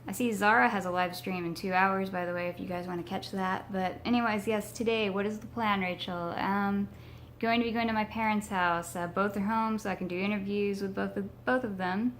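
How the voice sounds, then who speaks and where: A young woman from Texas chatting casually to her viewers, her voice hoarse from a sinus infection, rambling with many ums. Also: mid-range voice, steady tone, brisk, hardly any pauses, slight background noise. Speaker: paranormal vlogger. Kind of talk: casual vlog chat to camera.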